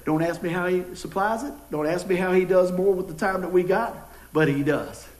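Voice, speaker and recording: A middle-aged pastor, preaching a sermon with jokes and folksy storytelling. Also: male voice, high-pitched, moderate pace. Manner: folksy, joking, animated storytelling. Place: church sanctuary. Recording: echoey church room.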